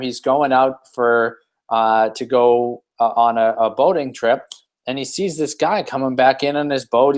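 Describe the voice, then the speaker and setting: Man in midrange pitch, casual motivational host, rambling and full of restarts. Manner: rambling, many fillers and restarts. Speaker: team leader hosting a weekly hangout.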